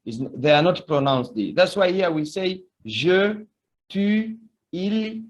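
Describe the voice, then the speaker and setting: A man's voice: high-pitched, animated, slow pace, dull audio. A man teaching a beginner language lesson, patiently repeating words for students to echo. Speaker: French teacher.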